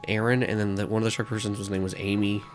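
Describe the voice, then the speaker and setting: A man's voice: fairly low pitch, flat delivery, fast, slight background noise. A man running a tabletop role-playing game as game master, explaining and narrating in a loose, rambling way full of fillers and asides. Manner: rambling, filler-heavy explaining with frequent laughs.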